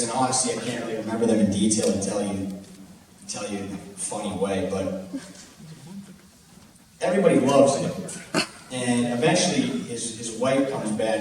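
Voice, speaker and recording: A man's voice: mid-range voice, background noise. A young man telling a funny story on stage, laughing and acting out the lines he quotes. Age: young adult. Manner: animated, laughing, acts out quotes loudly. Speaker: student comedian telling a story. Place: stage in a large hall. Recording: far-off echoey hall recording.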